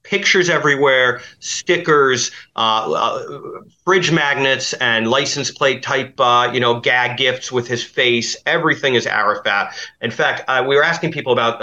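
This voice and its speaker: A man's voice: medium pitch, normal speed, sharp tone, dull audio. A man giving a rambling account in an interview as an investigative journalist, full of fillers and restarts.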